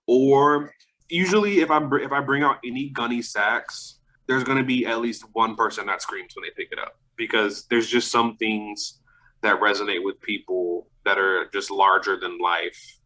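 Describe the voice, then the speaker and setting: A man's voice: on the low side, steady tone, normal speed, bright, forceful tone, low-quality recording. A young man in a casual podcast interview, talking loosely about selling vintage clothes, swearing and laughing often. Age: young adult.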